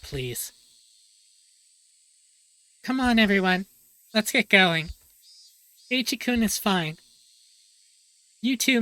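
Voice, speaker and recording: A woman voicing a brisk adult schoolteacher who firmly hurries students along. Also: mid-range voice, fairly bright tone, voice pushed up. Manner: firm, hurrying everyone along.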